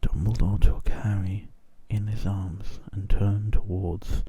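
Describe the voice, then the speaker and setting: Low, slow, dry-voiced man, soft and half-whispered for an ASMR story reading. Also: level tone, breathy edge, no room sound. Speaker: reader.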